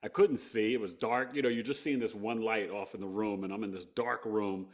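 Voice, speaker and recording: A man from New York, a podcast guest, telling a personal story with big swings between hushed and loud delivery. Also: on the low side, steady tone, a little fast.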